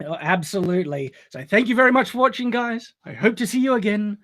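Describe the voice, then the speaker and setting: A man's voice: high voice, brisk, a bit bright. A man hosting a casual live stream, upbeat and laughing often as he reads out donations.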